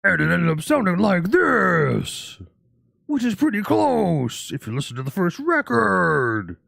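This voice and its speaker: A man doing an exaggerated, growled impression of a male death metal vocalist, with a gravelly voice. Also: high voice, very animated, a little slow, a bit bright, no echo, studio quality, voice pushed up, exaggerated voice. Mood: growling.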